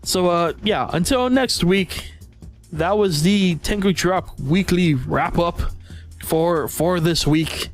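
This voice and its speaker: Guy doing a weekly recap, kinda high voice, rambly and laughy, a bit hoarse, faint music behind. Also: takes it slowly. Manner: rambling, laughs often, restarts. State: losing his voice. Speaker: channel host.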